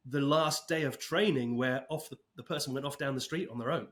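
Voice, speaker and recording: A man's voice: mid-range voice, a little fast, a bit bright. Chatty British-sounding man in his fifties. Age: 50s. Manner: chatty and self-deprecating, with light humor. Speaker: podcast guest. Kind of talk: casual interview talk.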